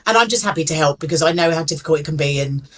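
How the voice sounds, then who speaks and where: A woman's voice: sits low, animated, rapid-fire, fairly bright tone. Chatty self-deprecating actress guest, woman. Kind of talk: casual interview chat.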